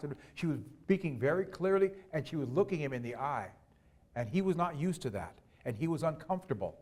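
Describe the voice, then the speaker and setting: Unhurried male storyteller. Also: fairly high pitch, expressive, a little mellow. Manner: unhurried, repeats words for emphasis. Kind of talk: oral storytelling to a live audience.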